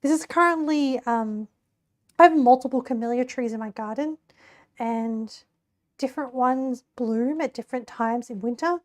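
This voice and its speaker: A young woman streaming from home, talking casually to her chat with a hoarse, squeaky voice she says she is losing, rambling and laughing often. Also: moderate pace, no room sound, studio quality. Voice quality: squeaky, creaky voice. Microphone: desk mic.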